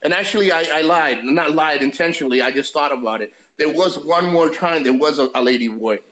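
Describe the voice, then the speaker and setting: Male vlogger, slightly high voice, rambling animated storyteller who swears freely. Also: a little fast, low-quality recording. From USA. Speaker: vlogger telling a travel story. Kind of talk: casual storytelling.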